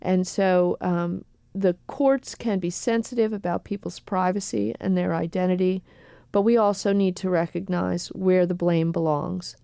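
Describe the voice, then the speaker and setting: A woman attorney answering questions on a radio talk show in a careful, measured way with frequent pauses. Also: lowish voice, steady tone, vocal fry, mellow, clear, resonant tone, no echo. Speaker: attorney guest.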